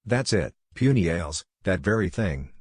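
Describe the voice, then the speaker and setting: An excitable, blustering friar insists on his point emphatically, as a man reads him. The voice is deep and low. The sound is dry and close. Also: moderate pace, husky, no echo. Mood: excited.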